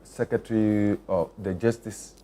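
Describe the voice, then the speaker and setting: A man speaking as a political panelist, who cuts in quickly and tags his lines with "eh?". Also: on the low side, steady tone, dark tone, slight background noise. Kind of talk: panel discussion.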